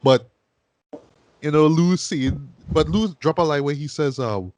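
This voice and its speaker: A man's voice: on the high side, unhurried, a little mellow, slight background noise. A man hosting a casual film review chat, talking loosely and often tagging his sentences with "boy". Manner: loose and conversational, repeats "boy" as a tag. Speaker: podcast host.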